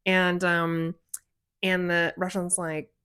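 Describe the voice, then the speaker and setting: A woman with a fairly low voice talks through a show in relaxed co-host chat. She strings thoughts together with "like" and keeps things loose and conversational. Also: slow, clean tone. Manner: chatty, leans on "like", acts out characters' lines. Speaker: co-host reviewing a TV series. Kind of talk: casual conversational review.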